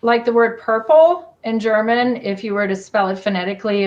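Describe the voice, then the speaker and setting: A woman's voice: a little high, normal speed, hardly any pauses, highs cut off. Appalachian-accented woman storyteller chatting. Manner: talkative, animated, many fillers. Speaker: storyteller guest. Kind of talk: casual chat.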